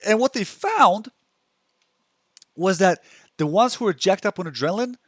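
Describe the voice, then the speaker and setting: A man's voice: high-pitched, expressive, normal speed, no echo, studio quality. A young man giving casual self-help advice and talking through a post, chatty, with many restarts, acting out the thoughts he describes. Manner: chatty, restarts a lot, acts out inner thoughts. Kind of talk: casual talk reacting to a post.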